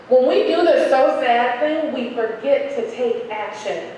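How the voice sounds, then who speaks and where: A young adult woman with a high voice tells a personal story to an audience at a slow pace, animatedly acting out the voices of the people in it. Her highs sound cut off, and the recording comes from a distant mic in an echoey hall with faint noise.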